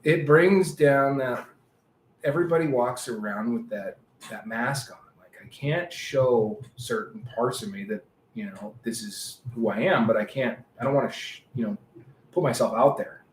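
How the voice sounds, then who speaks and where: A man co-hosting a casual podcast, an animated storyteller who acts out the people he quotes. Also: medium pitch, normal speed, slight background noise. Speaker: podcast co-host. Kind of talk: casual chat. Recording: echoey room with faint ambience.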